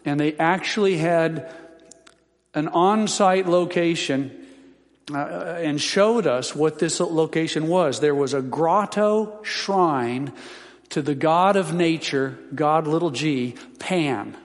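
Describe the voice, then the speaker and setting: A male pastor delivering a sermon, his slightly higher voice carrying in a hall with a long echo. He teaches scripture in a folksy way, dropping joking asides along the way. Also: slow.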